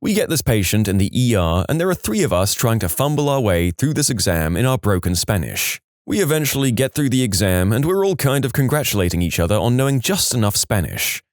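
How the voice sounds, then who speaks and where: A man's voice: mid-range voice, very animated, a little fast, hardly any pauses, dry recording. A man reading funny reader-submitted stories aloud in a scripted narration with a dry comic delivery.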